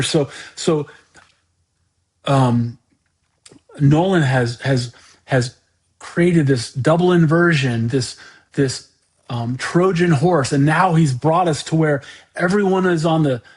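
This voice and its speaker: A man hosting a podcast, talking through an unscripted monologue in a halting way, often repeating words and restarting his sentences. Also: on the high side. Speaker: podcast host.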